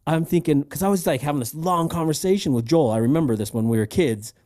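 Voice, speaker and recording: A man's voice: fairly high pitch, fast talker, dark tone. A man co-hosting a casual podcast chat, rambling with frequent laughs and restarts. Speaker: podcast co-host.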